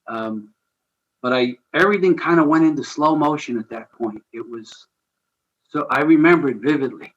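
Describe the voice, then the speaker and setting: The guest here is a man who founded a ministry, telling a personal story on a podcast in an earnest, chatty manner. He chuckles as he animatedly retells it, his pitch fairly high and his speed normal, over lo-fi sound.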